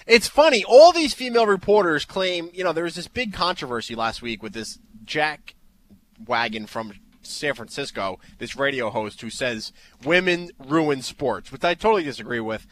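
Animated, opinionated male radio host. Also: a little high, normal speed. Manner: animated, opinionated, repeats words. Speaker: fantasy football radio host. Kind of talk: casual radio chat. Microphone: headphones in a studio.

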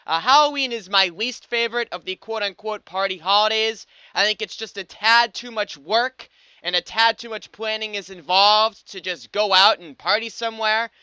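A man's voice: high voice, bright, forceful tone, clear, resonant tone, no room sound. A young man from the United States hosting a sports podcast, talking upbeat and wry with frequent fillers. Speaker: podcast host. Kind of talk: scripted sports podcast monologue. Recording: slightly dull dry podcast audio.

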